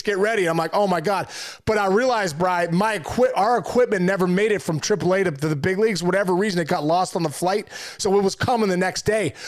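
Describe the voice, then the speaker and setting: Middle-aged ex-ballplayer guy telling an old story, pretty high voice, animated, lots of you know and like. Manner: animated, heartfelt, many fillers and restarts. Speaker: former pro baseball player, guest. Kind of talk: storytelling in a conversation.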